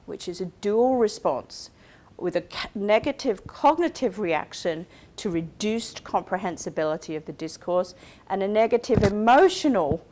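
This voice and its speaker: A woman giving a recorded university lecture, explaining step by step and checking in with her listeners. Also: medium pitch. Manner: explains carefully, checks in with "okay?" and "right?".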